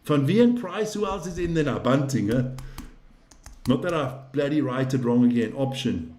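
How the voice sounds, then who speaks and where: A man hosting a casual live stream, rambling, swearing freely and getting excitable. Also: medium pitch, normal speed, reverberant.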